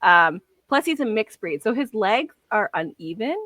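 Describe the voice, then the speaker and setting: A woman's voice: mid-range voice, moderate pace, dry recording. A woman co-hosting a casual chat podcast, laughing often and telling stories with plenty of swearing. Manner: laughing, profane, animated storytelling. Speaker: podcast co-host.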